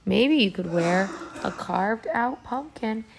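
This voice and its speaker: A woman's voice: mid-range voice, lively intonation, measured pace, creaky, background noise. Friendly dinosaur pal, helpful, suggesting, storybook creature, a woman reading it in a plain tone.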